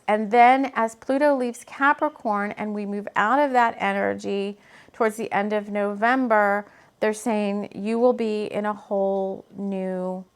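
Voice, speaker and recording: A woman channeling spiritual messages and reading tarot cards to the camera in an earnest, meandering way that turns emotional, speaking from her home. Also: mid-range voice. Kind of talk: casual spiritual video talk. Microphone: camera mic.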